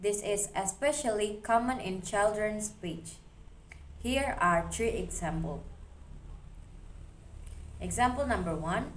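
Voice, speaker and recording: A woman reading a phonology class presentation aloud, slowly working through examples one at a time. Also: mid-range voice, a little hiss or hum. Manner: slow, careful, reads examples one by one. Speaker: student presenter.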